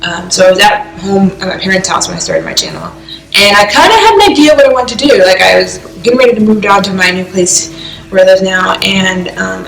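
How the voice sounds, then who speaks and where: A woman's voice: medium pitch, gravelly, a bit bright. A young woman from the US East Coast rambling through an emotional reaction vlog, filling her talk with "like". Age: young adult. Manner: rambling, heavy use of "like", emotional. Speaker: vlogger reacting to music. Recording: echoey room.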